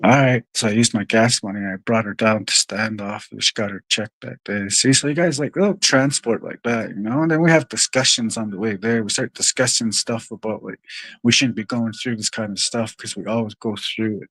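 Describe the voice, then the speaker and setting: A man's voice: medium pitch, no echo. A man telling a long story to his viewers in a rambling, profane way, often calling out to them as "you guys.". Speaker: livestream host.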